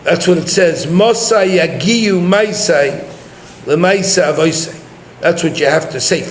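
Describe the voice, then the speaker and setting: High-voiced rabbi in an echoey hall. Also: male voice, a little slow, slight background noise. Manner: mixes Hebrew and Yiddish terms into English, addresses listeners directly. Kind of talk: Torah lecture.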